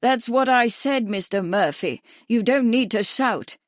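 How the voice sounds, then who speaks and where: A woman voicing a gruff, crafty, hard-of-hearing old male doctor who asks brusque, clipped questions. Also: fairly high pitch, unhurried, no echo, studio quality, voice pushed up, close to an everyday voice. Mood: curt.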